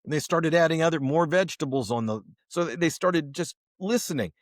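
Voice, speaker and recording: A man's voice: on the high side, a little fast, no room sound, studio quality. A man co-hosting a podcast, chatting casually and acting out everyday examples as he tells stories. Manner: animated storyteller who acts out examples. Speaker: podcast co-host. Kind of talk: casual conversation.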